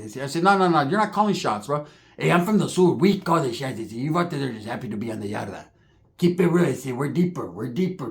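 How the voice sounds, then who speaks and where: A man's voice: medium pitch, gravelly. A man telling a comedic story in slangy street talk, acting out the people in it. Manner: slangy, animated, acts out other characters' voices.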